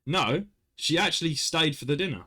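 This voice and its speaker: A man's voice: on the high side, moderate pace. A young man, hosting a casual podcast chat and telling a story with lots of restarts. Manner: animated storyteller, self-interrupting with restarts. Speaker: podcast host.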